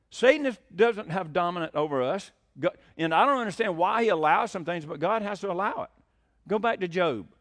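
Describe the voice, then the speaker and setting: A man preaching a sermon as pastor, animated, asking rhetorical questions and chuckling between points. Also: a little high.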